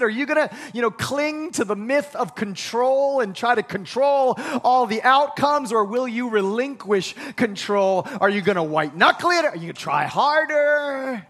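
A man's voice: very high-pitched, animated, moderate pace, hardly any pauses, a bit bright. A man preaching a sermon as pastor, emphatic and stumbling over repeated words as he starts sentences.

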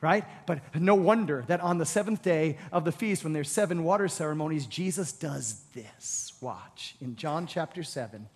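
A man preaching a sermon, asking the congregation questions and building to loud, emphatic peaks. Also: fairly high pitch, a little fast, few pauses, in a large hall. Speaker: pastor.

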